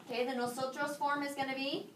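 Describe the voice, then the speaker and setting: A woman teaching a high school Spanish class, drilling students with call-and-response prompts in English and Spanish. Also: flat delivery, fast talker, fairly bright tone. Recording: echoey classroom from far off, faint noise.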